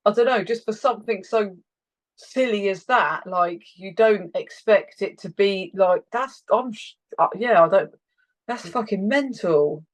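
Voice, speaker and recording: A woman hosts an informal conversation with a guest. She reacts with loud exclamations and casual swearing, chatty and unguarded. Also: mid-range voice, unhurried, rough recording. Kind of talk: casual chat.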